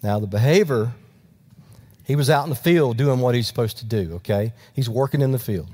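A pastor preaching a sermon in a conversational storytelling way, with frequent asides to the congregation. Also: male voice, medium pitch, fairly quick, a little mellow.

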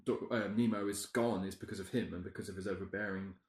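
A man co-hosting a casual film chat, animated, with rambling restarts. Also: sits low, quick pace. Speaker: podcast co-host. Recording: roomy echo.

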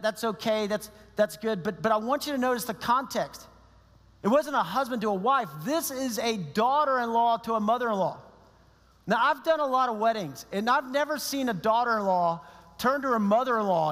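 A man preaching a sermon as pastor, in a conversational, animated way with quoted asides. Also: extremely high pitch. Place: church sanctuary. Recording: long reverb of a church hall.

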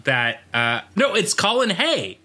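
A man chatting casually, spinning a meandering anecdote with acted-out bits of dialogue. His voice is bright and sits a little high. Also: unhurried. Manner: rambling, animated storytelling with acted-out quotes. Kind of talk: casual chat.

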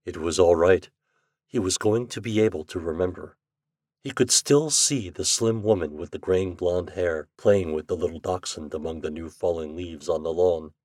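Husky, low-voiced male narrator. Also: moderate pace, a little mellow, no room sound, clean studio sound. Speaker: host and narrator. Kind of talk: audio magazine narration.

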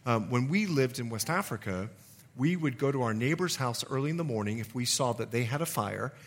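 Male pastor, sermon, bright ringing tone, voice swinging high and low, reads scripture then comments. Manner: animated preaching, voice rising high on key verses; reads scripture aloud and comments between verses.

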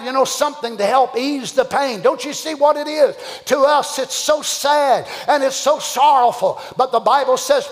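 Male pastor with a strikingly high voice, fervent preaching, recorded in a reverberant sanctuary. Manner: impassioned preaching, rising to shouts. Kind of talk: sermon. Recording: long church hall reverb.

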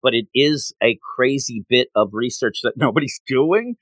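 A man's voice: medium pitch, lively intonation, moderate pace, a bit bright, no echo. A man in casual chat, animatedly retelling a story and jumping his voice up when quoting characters.

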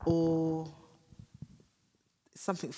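A woman's voice: low-pitched, very slow. A woman speaking as a podcast guest in a casual talk about faith, searching for words and breaking off her sentences. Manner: searching, self-interrupting, animated when amused. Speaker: podcast guest, ministry leader. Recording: long reverb.

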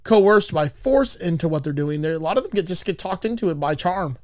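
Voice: medium pitch, expressive, fairly quick, darkish tone, no echo, studio quality. A podcast host casually retelling a movie's plot, rambling with frequent swearing.

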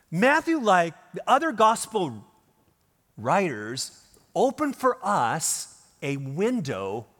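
A man's voice: sits high, fairly bright tone. A male pastor delivering a sermon in a church, emphatic and full of rhetorical questions. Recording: long hall reverb.

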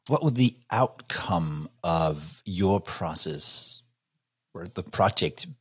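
A man's voice: deep voice, lively intonation, slow, fairly bright tone, slightly rough, no echo, clean studio sound. A man interviewing a guest over a video call, asking questions with stumbling restarts and brief affirmations.

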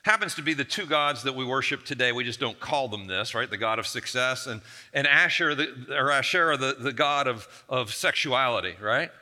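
Bright-voiced male pastor in a reverberant church. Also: mid-range voice, lively intonation, brisk. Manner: conversational, humorous, lots of restarts. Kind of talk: storytelling sermon.

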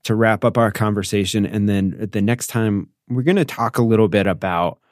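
A man co-hosting a casual conversation about faith and ministry, thoughtful and hesitant, often pausing to find his words. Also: on the low side, dry recording, studio quality. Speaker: podcast co-host.

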